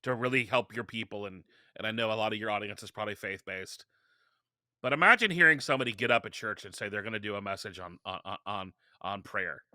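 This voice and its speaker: With a lowish voice and quick pace, a podcast guest energetically recounts stories in casual interview talk, repeatedly starting sentences over. Clean studio sound, no echo.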